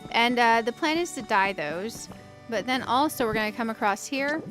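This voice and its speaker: A woman's voice: a little high, animated, moderate pace, fairly bright tone, faint music behind. A woman hosting a casual let's-play, chatting to her viewers as she builds and thinking aloud in a playful, self-mocking way. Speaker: gaming channel host.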